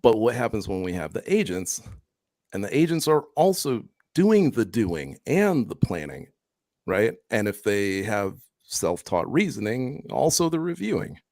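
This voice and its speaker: A man with a fairly low voice whose pitch swings widely as he talks, animated and conversational. The sound is dry and close. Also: measured pace, no echo. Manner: animated, conversational, drops in "right?" tags. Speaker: co-host. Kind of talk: podcast discussion.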